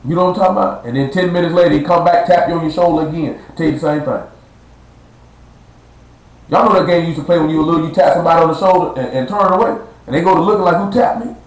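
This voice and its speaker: To a small live-streamed crowd in an echoey room, a man with a fairly high voice preaches very fast. His street-style sermon is blunt and slangy, with words stretched out for emphasis.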